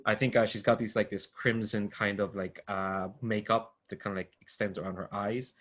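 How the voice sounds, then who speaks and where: A man's voice: fairly low pitch, steady tone, moderate pace, fairly bright tone. A man narrating as game master, rambling with many fillers and restarts over a video call.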